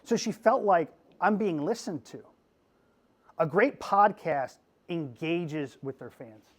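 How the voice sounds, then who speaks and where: In an energetic classroom talk, a middle-aged man from Pennsylvania, a podcast host, clowns around animatedly and often pauses to ask "okay?". His voice runs on the high side.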